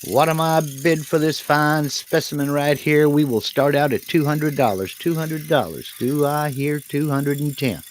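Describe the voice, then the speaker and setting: A man's voice: on the high side, normal speed, hardly any pauses, a little hiss or hum, pitched above the performer's own voice, natural voice. A man doing a showy auctioneer calling bids. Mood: playful. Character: fast-selling male auctioneer.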